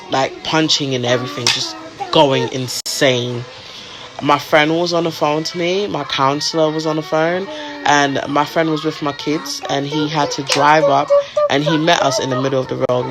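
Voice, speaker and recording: A woman with a deep, low-set voice tells her own story to camera, candid and emotional. She drifts from hushed confiding to raised outbursts, with faint music underneath. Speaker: vlogger.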